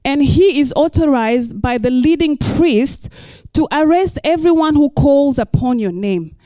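A middle-aged female pastor, her voice sitting high and her pace a little slow, gives an expressive sermon with scripture readings, playful asides and rhetorical questions. The audio has no echo.

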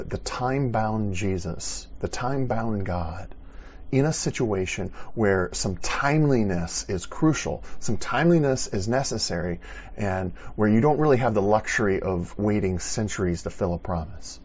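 A man preaching a sermon, retelling a story with animated, restarting delivery. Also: fairly low pitch, slightly rough, lo-fi sound. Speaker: pastor.

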